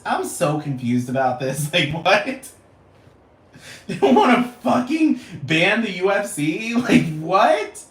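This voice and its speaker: A man rants to his camera in a loose, profane ramble, circling back to the same points and breaking into laughter. His voice sits a little high for a man. The room around him rings with echo. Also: big pitch swings, normal speed, a bit bright. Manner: profane, rambling, repeats himself, laughs often. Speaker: vlogger. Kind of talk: casual rant to camera.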